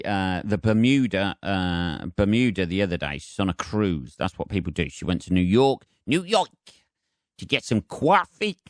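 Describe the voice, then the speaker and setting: A man's voice: low-pitched, no room sound, studio quality. Rambling, sweary podcast man. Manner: rambling, sweary, self-mocking asides. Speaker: podcast host. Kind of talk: solo casual monologue.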